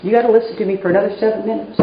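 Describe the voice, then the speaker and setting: A woman's voice: mid-range voice, fairly even intonation, rapid-fire, creaky, slight background noise. A middle-aged woman from Texas giving a personal recovery talk, candid and wry, poking fun at herself as she tells her story. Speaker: recovery meeting speaker. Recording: roomy, dull live recording.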